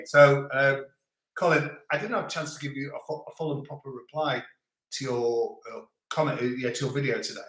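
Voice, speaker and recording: A man's voice: mid-range voice, fairly bright tone. A man hosting a casual live chat, reading out viewer comments in a joking, rambling way. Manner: chatty, rambling, joking, many restarts. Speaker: livestream host. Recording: echoey room.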